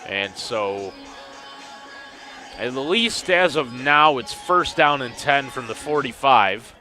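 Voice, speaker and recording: Bright-voiced wry football commentator man. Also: medium pitch, lively intonation, slow pace, faint music behind. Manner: dry, wry remarks on officiating confusion. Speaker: play-by-play commentator. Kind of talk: sports commentary.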